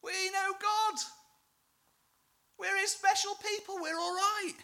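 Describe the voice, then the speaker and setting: A preacher briefly turning into a self-satisfied religious man, all posh vowels and preening sing-song, his voice pitched up high and thin as he boasts of how righteous he is. It is a sharp, bright caricature of smugness. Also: fairly even intonation, takes it slowly, heavily acted. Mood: smug boasting.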